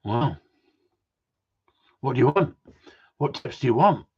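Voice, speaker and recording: Husky man chatting on a live stream. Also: mid-range voice, expressive, slow pace, a little mellow. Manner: banter-filled, swears, reads viewer messages aloud. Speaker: gundog trainer hosting a live stream. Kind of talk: casual live-stream chat reading viewer comments. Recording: dull lo-fi sound.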